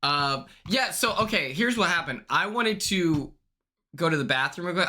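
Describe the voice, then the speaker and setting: A young man hosting a livestream, chatting casually in a blunt, sassy way, swearing freely and quick to apologize. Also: fairly high pitch, animated, pushed and bright. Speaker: livestream host.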